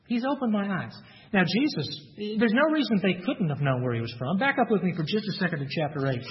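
Male preacher, high tenor, expository sermon, muffled echo of a big hall. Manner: animated, acts out quoted speakers with sudden high pitch jumps.

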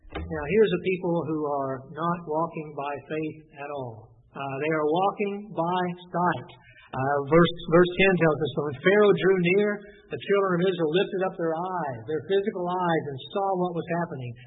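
A man's voice: fairly high pitch, moderate pace. A man preaching a sermon, reading scripture aloud and asking his listeners rhetorical questions. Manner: earnest preaching, reads scripture aloud and voices the complaints. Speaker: pastor. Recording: tinny phone-like sound from a distance, faint noise.

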